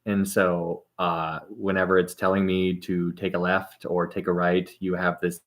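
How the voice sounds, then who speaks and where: Lower-voiced man chatting with viewers. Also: level tone, a little slow, fairly bright tone. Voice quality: rambling, laughs often, trails off mid-sentence. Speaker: livestream host. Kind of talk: casual chat reading viewer comments.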